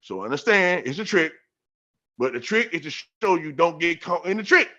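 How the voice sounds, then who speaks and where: A man on a podcast telling a story about scripture in a casual, profane, streetwise way, getting animated and repeating himself. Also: on the high side, moderate pace. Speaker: podcast guest. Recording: dull lo-fi sound.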